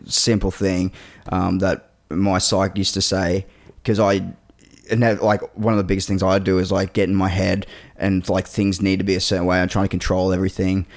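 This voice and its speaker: A man's voice: sits low, little pitch movement, moderate pace. A man co-hosting a casual podcast, rambling with fillers and swearing. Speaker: podcast co-host. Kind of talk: casual chat.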